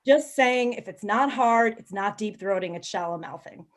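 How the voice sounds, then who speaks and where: A woman's voice: mid-range voice, expressive, normal speed, a little hiss or hum. A woman in her thirties doing a frank, bawdy stand-up set, telling stories with lots of ums and little laughs. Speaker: stand-up comedian. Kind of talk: stand-up set on a live video call.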